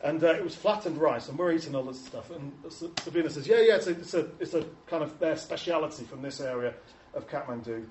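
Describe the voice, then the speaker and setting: High-voiced Englishman telling funny stories in an echoey hall. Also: quick pace, darkish tone. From England. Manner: chatty, self-mocking storytelling that acts out quoted voices. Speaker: speaker showing photos to an audience. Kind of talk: humorous anecdotal talk. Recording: echoey hall, distant mic, faint noise.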